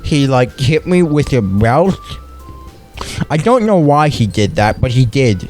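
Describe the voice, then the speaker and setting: A young man playing an awkward comedic persona, reading a visual novel aloud in character with slurred, wet-mouthed speech, halting and stumbling over his words in a deadpan way. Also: medium pitch, soft background music, rough recording. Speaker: comedic let's-play persona.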